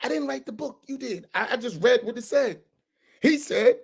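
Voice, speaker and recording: A man's voice: extremely high pitch, animated, moderate pace, creaky, husky. A man, an imam, teaching a religious class in a heated, sarcastic way full of rhetorical questions. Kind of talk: heated religious lesson, argumentative.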